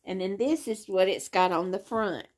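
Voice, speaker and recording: A woman's voice: medium pitch, moderate pace, a little mellow. An older woman, chatting casually to her viewers from her living room in a rambling, sleepy way. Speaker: crochet vlogger. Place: living room, in a hospital bed.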